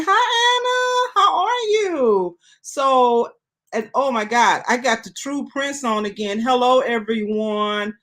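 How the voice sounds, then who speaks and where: A middle-aged woman hosting her own live-stream talk show, chatting casually and greeting viewers by reading their comments aloud. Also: a little high.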